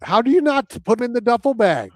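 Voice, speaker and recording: A man's voice: very high-pitched, very animated, fast, no room sound. A man hosting a talk radio show, telling rambling stories in casual chat. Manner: rambling storyteller, acts out voices in anecdotes.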